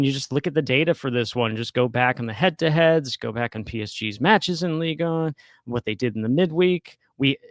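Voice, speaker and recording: A man's voice: medium pitch, no echo. A man co-hosting a sports betting podcast, chatting casually and joking with easy laughs. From United States. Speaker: co-host of a soccer betting podcast.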